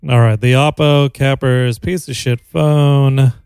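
A man's voice: medium pitch, fairly even intonation, slow pace, a little mellow, clear, resonant tone, no room sound. A man hosting a comedy podcast over a video call, tossing out dry, teasing questions. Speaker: podcast host. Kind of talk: casual comedy chat.

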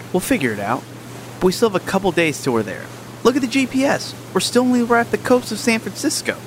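A man's voice: a little high, a little hiss or hum, close to an everyday voice. A man voicing an easygoing young guy who jokes with his friends.

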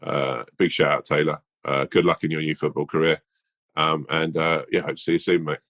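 Man, very low voice, playful rambling podcast co-host, dry close mic. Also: flat delivery, brisk, a bit bright, dry recording. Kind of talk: casual chat with a mock-earnest fable.

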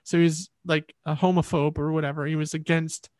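A woman's voice: deep voice, level tone, brisk, darkish tone, no echo, studio quality. A woman musician, a guest in an interview, telling her story in a rambling, reflective way.

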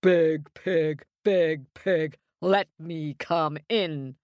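A woman's voice: fairly low pitch, big pitch swings, very slow, fairly bright tone, dry recording, studio quality, exaggerated voice. A woman doing a greedy, singing big bad wolf.

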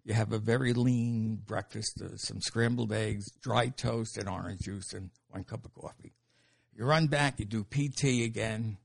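An older man telling stories as an interview guest, animated and laughing, with casual swearing. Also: fairly low pitch, moderate pace, vocal fry. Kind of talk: storytelling in an interview.

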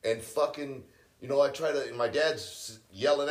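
A man's voice: mid-range voice, brisk, echoey room. A man co-hosting a podcast, telling a story in casual, heavily profane chat. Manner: profane, laid-back storyteller. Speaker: podcast co-host.

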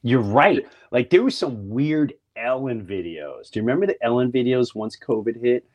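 A man's voice: mid-range voice, expressive, normal speed, muffled recording. A man co-hosting a casual talk show, speaking animatedly and mimicking other people's voices. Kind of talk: casual conspiracy chat.

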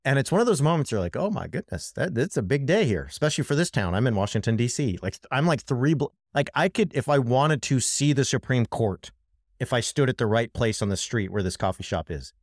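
A man's voice: mid-range voice, animated, a little fast, no room sound, studio quality. A man co-hosting a podcast, talking through politics in an impassioned, emphatic way and speaking straight to his co-host. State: worked up. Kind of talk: casual political commentary.

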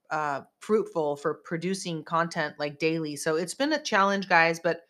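A woman's voice: fairly low pitch, pushed and bright. A woman hosting a podcast in casual chat, rambling and emphatic as she vents. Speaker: podcast host.

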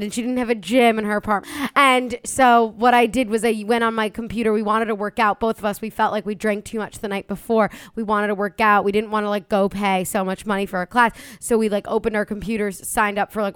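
A woman co-hosting a podcast, chatty and quick to laugh along. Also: medium pitch, steady tone, clean tone, no echo, studio quality. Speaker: podcast co-host. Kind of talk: casual chat.

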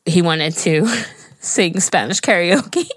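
A woman's voice: fairly low pitch, expressive, slow, fairly bright tone, slightly rough. A woman in her forties co-hosting a casual chat podcast. She tells stories with lots of energy, swears freely and acts out what other people said. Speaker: podcast co-host.

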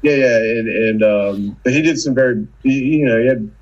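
Husky-voiced man, guest historian. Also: mid-range voice, normal speed, highs cut off. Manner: loose, conversational retelling with restarts. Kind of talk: casual interview chat.

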